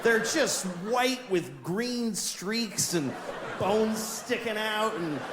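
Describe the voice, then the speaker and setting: A male stand-up comic spins a wry, exaggerated story in a fairly high voice. The room rings around him, a clear audience sits behind the set, and steady noise runs under the whole live recording. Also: extremely slow, roomy sound, crowd noise. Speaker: stand-up comedian. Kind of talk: stand-up comedy routine. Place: comedy club stage. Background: audience laughter.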